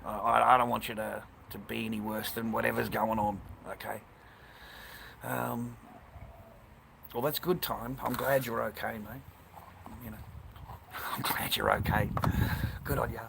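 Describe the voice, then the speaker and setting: A man's voice: lowish voice, little pitch movement, a little slow, creaky, long pauses, pushed and bright. A man chatting casually on a live stream, blunt and rambling, swearing constantly. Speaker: livestreamer. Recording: noisy background hiss.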